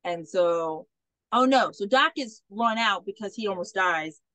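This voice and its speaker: A woman hosting a podcast, recapping a movie in a casual, rambling way with plenty of swearing and quick impressions. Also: mid-range voice, expressive, sharp tone, dry recording, low-quality recording. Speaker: podcast host.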